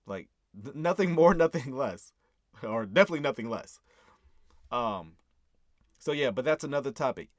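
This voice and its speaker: Man, casual commentary, earnest, mid-pitched voice, dry close sound. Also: animated, normal speed, long pauses, no room sound. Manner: earnest, keeps asking "right?", chuckles. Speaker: host and rapper breaking down his own song.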